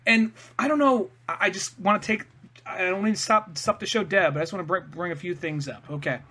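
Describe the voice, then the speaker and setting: A man's voice: high voice, brisk, sharp tone. A man co-hosting a podcast, chatting casually with a lot of swearing and laughter. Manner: profane, laughing, ranting. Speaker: podcast co-host.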